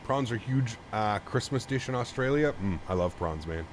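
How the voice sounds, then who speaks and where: A man's voice: mid-range voice, moderate pace. A man from Canada streaming a flight sim, chatting casually and thanking viewers as he reads chat. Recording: steady background noise.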